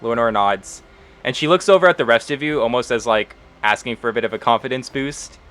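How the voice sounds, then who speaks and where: A man's voice: mid-range voice, a little fast, a bit bright, clean tone. A man narrating as game master of a tabletop role-playing game, casual, with frequent ums and uhs.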